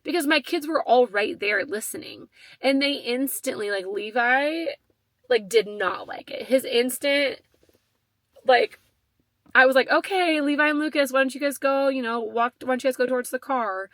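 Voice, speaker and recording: A woman in her thirties hosting a podcast, telling a personal story in a casual, animated way with lots of fillers and quoted back-and-forth. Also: high voice, normal speed, no echo. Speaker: podcast host.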